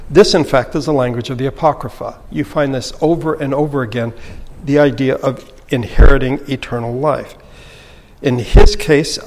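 Man, Bible teacher, measured lecture delivery, mid-pitched voice, long reverb around him. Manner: thoughtful, measured, with occasional restarts.

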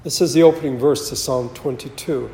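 A man giving a slow, measured, solemn sermon as pastor, reading scripture aloud. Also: mid-range voice, dark tone. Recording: roomy with long reverb.

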